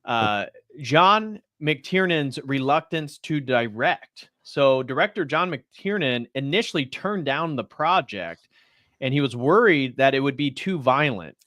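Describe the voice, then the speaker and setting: A man's voice: medium pitch, very animated, measured pace, fairly bright tone, dry recording, studio quality. A man hosting a video stream, reading out facts from notes and chatting casually. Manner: reads facts from notes, then chats. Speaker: host.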